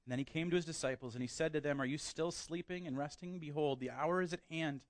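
A man preaching a sermon in a voice a little higher than most men's, recorded close and dry. He reads scripture aloud, then preaches with rising emphasis. He talks to the congregation directly and asks them questions. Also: fast, dry recording. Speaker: pastor.

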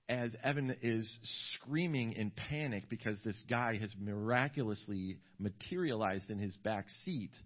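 A man preaching a sermon as a pastor, talking conversationally with many restarts and growing animated when he tells a story. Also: mid-range voice, lo-fi sound. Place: church service in a community center.

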